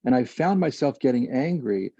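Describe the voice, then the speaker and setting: A man's voice: medium pitch, expressive, moderate pace, gravelly, dark tone, no room sound, highs cut off. A man asking a question on a video call, talking in a rambling, earnest way.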